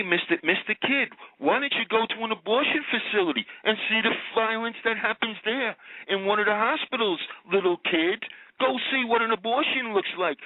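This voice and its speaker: A man's voice: sits high, no room sound. A man calling in to a talk radio show from Long Island, speaking, sarcastic and heated, ranting in bursts. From Long Island, New York. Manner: sarcastic, heated, swearing-minced outbursts. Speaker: caller. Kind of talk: call-in radio rant. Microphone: phone call. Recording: tinny phone line, dry.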